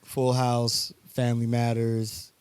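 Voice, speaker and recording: A man co-hosting a casual podcast, chiming in with jokes and quick reactions. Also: mid-range voice, completely flat delivery, darkish tone, smooth, no echo. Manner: joking, chimes in with quick reactions. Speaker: podcast co-host. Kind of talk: casual chat.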